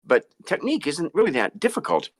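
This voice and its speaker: A ventriloquist man chatting in an interview, his speech stop-start and full of repeated words. His pitch swings a lot, and he breaks into chuckles. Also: wildly swooping pitch. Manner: halting, repeats words and restarts, laughs often. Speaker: ventriloquist guest. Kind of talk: casual interview chat.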